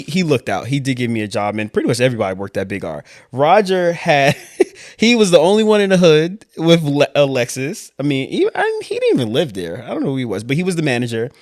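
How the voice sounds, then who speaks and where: Lively New man telling stories. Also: a little high, no echo, studio quality. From Queens, New York. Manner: animated, quick asides and laughs. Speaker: vlog host telling his story. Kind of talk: casual storytelling chat.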